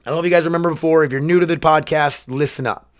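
A man's voice: a little high, steady tone, rapid-fire. A man in his twenties hosting a solo podcast, rambling and swearing, emotionally worn down. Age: 20s. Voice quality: rambling, swearing, restarts sentences. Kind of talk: casual solo podcast rant.

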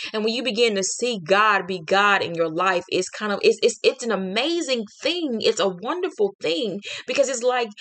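A woman's voice: on the high side, a bit bright. Heartfelt woman sharing a Bible reflection. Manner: heartfelt, many fillers and restarts. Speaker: podcast host. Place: home studio.

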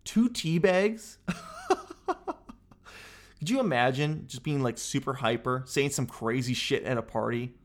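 A man hosting a talk show, delivering a comedic rant that is animated, exasperated and full of casual swearing. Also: medium pitch, a little slow, long pauses. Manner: animated, exasperated, peppered with "dude".

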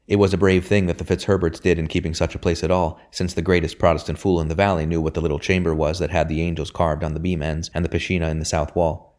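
A man narrating a novel chapter in a measured, even storytelling manner. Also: low voice. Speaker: audiobook narrator.

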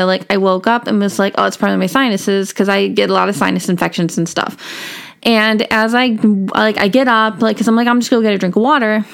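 A woman's voice: medium pitch, creaky, clear, resonant tone. A young woman hosting a solo podcast, talking casually and rambling with lots of fillers and little laughs. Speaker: podcast host.

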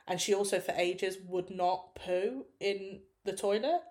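A woman's voice: mid-range voice, a little slow, darkish tone. A woman, co-hosting a casual podcast chat with dry, easygoing banter. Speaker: podcast co-host.

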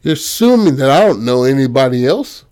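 A man casually pitching a film story, loose and profane, full of fillers, acting out characters in quick bursts. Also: sing-song, warm tone, smooth.

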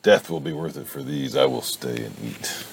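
A man's voice: rumbling low, wildly swooping pitch, moderate pace, creaky, noisy background, full character voice. A man voicing a playful young man who boasts and teases the women around him. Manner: teasing, boastful.

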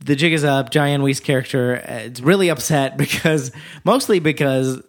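A man's voice: medium pitch, normal speed. A man co-hosting a podcast, loosely rambling through a casual film discussion as he retells scenes. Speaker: podcast co-host.

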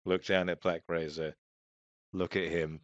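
A man's voice: sits low, level tone, a little slow, no room sound, dull audio. A man playing a tabletop role-playing game, talking in a playful, jokey way. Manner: playful and jokey, often laughing. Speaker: player. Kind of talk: casual tabletop role-play.

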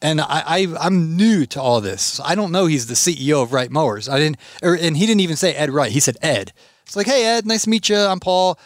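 Animated storytelling man, dry close sound. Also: fairly high pitch, fairly quick, no room sound. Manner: animated storyteller, acts out quotes. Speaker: podcast host. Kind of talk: casual chat.

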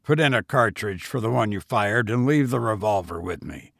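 Guy doing a bossy gentleman, short clipped orders, bit low. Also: lively intonation, normal speed, vocal fry, dry recording, clean studio sound. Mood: curt. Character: curt, commanding gentleman.

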